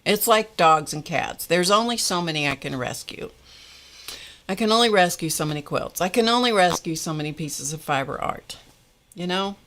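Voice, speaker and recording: A woman's voice: fairly low pitch, expressive, moderate pace, fairly bright tone. A middle-aged woman hosting a live-stream craft tutorial, chatting casually and reading viewer comments aloud. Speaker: craft show host.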